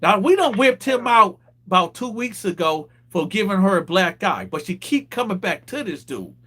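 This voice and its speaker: A man hosting a casual talk show, telling a street story with lively acted-out quotes. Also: high-pitched, moderate pace. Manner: animated storyteller, acts out quoted voices. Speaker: host.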